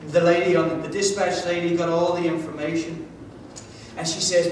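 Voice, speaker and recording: High-voiced guy from georgia preaching, big swings loud to soft, recorded far off in a boomy church hall. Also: level tone, moderate pace. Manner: dramatic storytelling, swings from loud to hushed. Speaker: pastor. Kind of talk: sermon. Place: church sanctuary. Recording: echoey church hall from far off, faint rumble.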